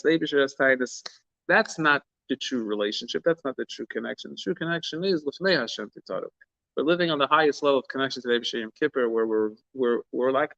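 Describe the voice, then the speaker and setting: A man's voice: medium pitch, vocal fry, fairly bright tone, no echo. A man gives an informal Torah talk as a rabbi, earnest and searching for words, often restarting mid-thought and slipping in Hebrew and Yiddish terms. The recording is dull and lo-fi. The sound is dry, with no room around it. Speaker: rabbi teaching a class.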